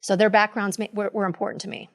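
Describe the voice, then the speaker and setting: Measured woman attorney on a panel. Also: medium pitch, level tone, no room sound, studio quality. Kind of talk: live panel talk.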